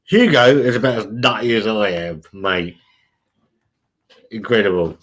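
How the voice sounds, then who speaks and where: A man's voice: fairly low pitch, measured pace, fairly bright tone. A man hosting a casual live stream from home, reading out chat messages in a chatty, blunt, sweary way and calling everyone mate.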